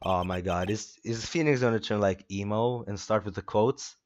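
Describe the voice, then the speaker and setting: A man's voice: lowish voice, moderate pace. A man doing casual, joking commentary while playing a game, with crude asides. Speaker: let's play host. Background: game music.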